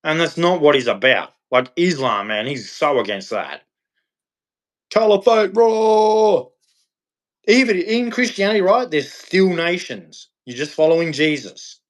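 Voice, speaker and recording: Aussie guy ranting on his stream, blunt and preachy, kinda high voice. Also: big pitch swings, moderate pace, few pauses, a bit bright. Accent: Australian. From Australia. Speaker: livestream host. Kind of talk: livestream rant.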